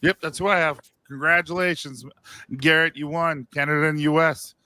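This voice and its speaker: A man's voice: a little high, steady tone, normal speed, bright, forceful tone, no room sound. A man from the United States hosting a podcast, upbeat and laughing often in casual chat. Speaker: podcast host.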